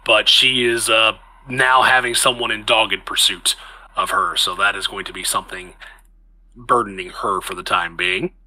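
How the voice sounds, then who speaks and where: A man's voice: fairly low pitch, sharp tone, poor audio. A man narrating as game master of a tabletop game, chatty and restarting phrases as he describes the action.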